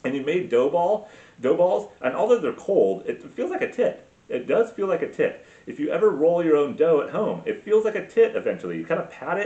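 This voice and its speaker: A man's voice: fairly high pitch, animated, a little fast, darkish tone. A man hosting a podcast, ranting crudely and sarcastically, full of swearing and filler words. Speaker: podcast host. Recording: roomy, distant, dull sound.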